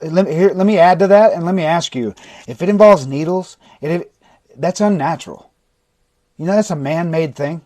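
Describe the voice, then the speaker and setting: A man streaming live as a recovery coach, talking bluntly to his viewers and swearing often, with sudden shouting and long stretches of quieter, softer talk. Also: a little high, animated, normal speed, no room sound. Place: indoors, livestream. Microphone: phone or webcam mic.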